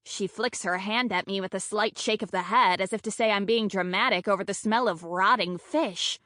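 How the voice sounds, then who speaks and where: A woman narrating a first-person romantic comedy audiobook in a lively, comic, self-deprecating way. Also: medium pitch, normal speed, no room sound, clean studio sound.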